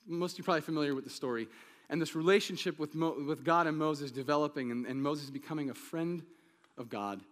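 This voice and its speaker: A man's voice: fairly high pitch, quick pace, in a large hall. A man preaching a conversational sermon to a congregation, asking them questions and acting out the quoted lines. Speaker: pastor.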